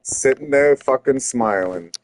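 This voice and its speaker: A man's voice: mid-range voice, measured pace. Heated, profane man telling a story. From Canada. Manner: heated, profane, rising to shouted retorts. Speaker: streamer. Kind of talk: angry storytelling.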